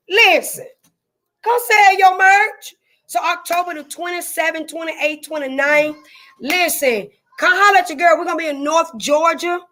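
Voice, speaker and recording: A woman with a Southern drawl hosts a casual live stream, chatting folksily with viewers, greeting them by name and repeating herself. Her voice is high with a fairly bright tone.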